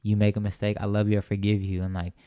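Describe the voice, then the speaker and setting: A young man, a guest in an interview, gives a rambling, earnest account of his faith, with many restarts and repeated "right?" checks. He talks fast in a completely flat delivery, his voice on the low side, dark and smooth. There is no echo.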